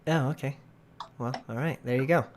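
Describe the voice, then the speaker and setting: A man's voice: mid-range voice, a little fast, slight background noise. A man hosting a casual gaming podcast from home, loose and chatty and laughing often. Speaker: podcast host. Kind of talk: casual chat.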